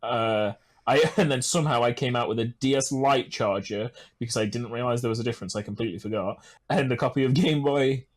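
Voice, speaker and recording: A man's voice: medium pitch, brisk. A young man from the UK, co-hosting a podcast with joking, teasing banter and frequent laughter. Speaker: podcast co-host. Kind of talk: casual chat.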